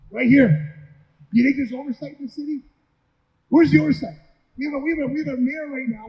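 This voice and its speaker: A man giving an impassioned rally speech, firing off rhetorical questions and repeating words. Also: very high-pitched. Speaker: guest speaker at a rally. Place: indoor hall at a city hall. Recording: echoey hall, dull lo-fi sound.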